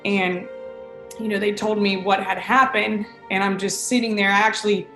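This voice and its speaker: A woman around thirty recounting a painful family memory, halting with many pauses and fillers. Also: medium pitch, flat delivery, reverberant, music in the background. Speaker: interviewee. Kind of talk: emotional personal recollection.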